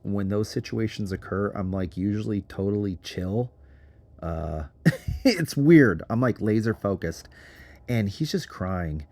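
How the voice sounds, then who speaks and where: A man's voice: fairly low pitch, lively intonation, measured pace, darkish tone, no echo. A man casually narrating an adventure story in a chatty, giggly way, full of fillers. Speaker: underground explorer.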